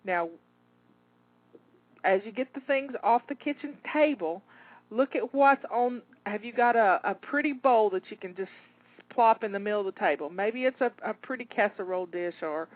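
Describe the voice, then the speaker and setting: A woman coaching listeners through a timed cleaning session, rallying and encouraging them, a bit out of breath. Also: medium pitch. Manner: encouraging, rallying, repeats herself. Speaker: home organizing coach. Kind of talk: live cleaning coaching talk. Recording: tinny phone-like dry audio.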